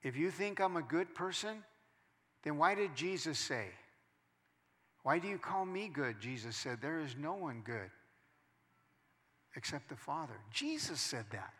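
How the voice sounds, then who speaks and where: Bright-voiced male pastor preaching in a hall. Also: a little high, lively intonation, a little slow, pauses often. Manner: swings from quiet storytelling to loud preaching. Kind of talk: sermon.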